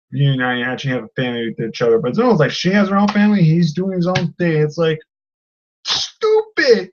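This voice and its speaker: A movie vlogger rants casually and in exasperation, full of fillers and restarts. The pitch is moderate. The audio is dull and lo-fi. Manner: exasperated, ranting, many fillers. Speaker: film reviewer. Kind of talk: casual vlog rant.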